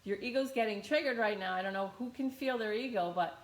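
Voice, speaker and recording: A woman's voice: a little high, fairly quick, roomy sound. A woman teaching a guided meditation in a casual, chatty way, often repeating her phrases.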